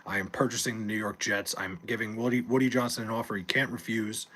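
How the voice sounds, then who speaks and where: A man's voice: fairly low pitch, fairly even intonation, quick pace, fairly bright tone. A man streaming late at night from home, chatting loosely with chat, swearing and rambling, on a desk mic. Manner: loose, profane, rambling, reads chat aloud. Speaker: live streamer.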